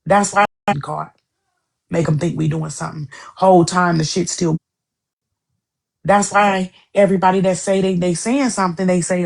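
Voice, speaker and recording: A woman's voice: on the low side, steady tone, moderate pace, vocal fry. A woman co-hosting a podcast, talking in a heated, profane, repetitive way in casual chat. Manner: heated, profane, repeats herself.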